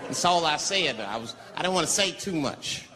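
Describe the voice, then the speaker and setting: A man's voice: a little high, moderate pace. A man doing a stand-up routine, telling a story with heavy profanity and acting out the people in it. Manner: animated storytelling, acting out characters in many voices, heavy profanity. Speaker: stand-up comedian. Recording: live venue with crowd noise. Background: audience laughter.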